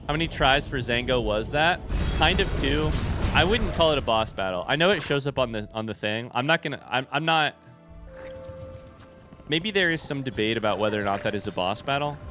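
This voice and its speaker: A man's voice: medium pitch, expressive, brisk, music in the background. A man streaming a video game, chatting casually with his viewers and swearing when he loses. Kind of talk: casual gameplay commentary.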